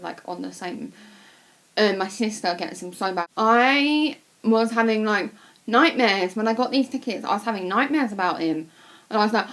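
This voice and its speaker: A woman's voice: mid-range voice, fairly bright tone. A young woman, chatting to camera in a rambling, casual way with lots of fillers, a bit sick with a cold. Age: young adult. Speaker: vlogger.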